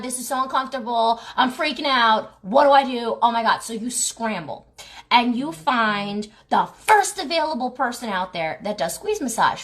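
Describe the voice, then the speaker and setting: A fairly high-voiced woman gives blunt, casual advice straight to her viewers. She speaks with animated exasperation, fires off rhetorical questions and fills her talk with "like" and "right?". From New Jersey, United States. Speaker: clinic owner and lymphatic massage therapist. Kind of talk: casual talking-head advice video.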